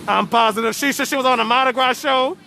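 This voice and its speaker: Speaking fast in a high, bright voice with vocal fry and a forceful tone, this online show host does casual live-stream commentary from an outdoor family party. Words get stammered and repeated, and the phone picks up party noise, music, and crowd chatter.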